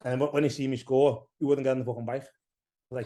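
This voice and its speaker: A man's voice: mid-range voice, level tone, very fast, warm tone. A man from England with an English accent, telling a rambling story as a podcast guest, swearing freely and getting heated. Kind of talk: casual chat, storytelling.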